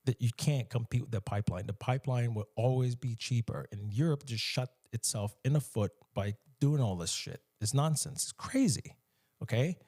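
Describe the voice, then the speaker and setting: Dark-voiced emphatic American commentator man. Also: mid-range voice, moderate pace. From United States. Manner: animated, emphatic, puts on mocking voices for quotes. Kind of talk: casual solo commentary.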